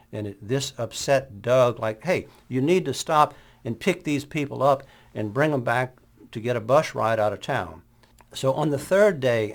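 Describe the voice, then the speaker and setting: Man with a gravelly voice walking through what happened, documentary interview. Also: fairly low pitch. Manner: measured retelling.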